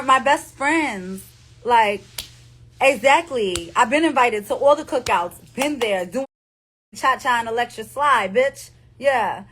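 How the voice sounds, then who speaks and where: A woman's voice: on the high side, a bit bright, slight background noise. A woman in her thirties with a New Jersey accent, speaking straight to her followers on a phone livestream in an emphatic, repetitive, profane way. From New Jersey, USA. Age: 30s. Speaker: live streamer addressing followers. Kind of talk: casual livestream monologue.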